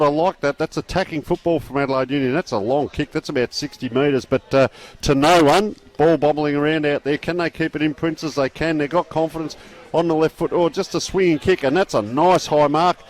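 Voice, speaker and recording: A man's voice: fairly high pitch, a little fast. Chatty Australian footy commentator, man. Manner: chatty, relaxed, folksy asides. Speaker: football commentator. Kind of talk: live sports commentary.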